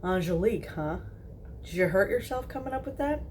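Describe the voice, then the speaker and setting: A woman's voice: low voice, normal speed, warm tone, a little hiss or hum, lightly acted. A woman voicing a sardonic male demon who is teasing and exasperated, speaking in dry murmurs.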